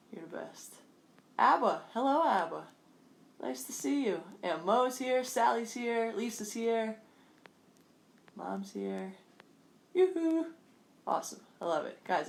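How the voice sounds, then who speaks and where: A woman fitness instructor leading a live online workout class, upbeat and encouraging, calling out steps and counts at home. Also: mid-range voice. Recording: roomy echo, distant mic, faint background noise.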